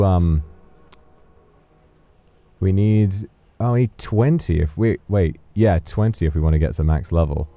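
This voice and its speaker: A man's voice: low-pitched, unhurried, pauses often, dark tone, dry recording, soft background music. A man casually commentating as he streams a game, rambling and swearing playfully.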